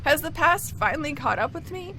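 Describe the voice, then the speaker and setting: A woman putting on a high, swooping voice for a flustered female clockmaker who has hidden away for years. Bright and sharp in tone, she wails and frets through game dialogue read aloud. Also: animated, brisk, slight background noise, heavily acted. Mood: dramatic. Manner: theatrical, wailing, self-pitying storytelling. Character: excitable dramatic female clockmaker hermit.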